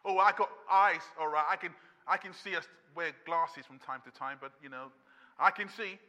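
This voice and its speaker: A man preaching a sermon as pastor, impassioned and building to shouts with repeated refrains. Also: on the high side, moderate pace. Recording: long reverb of a church hall.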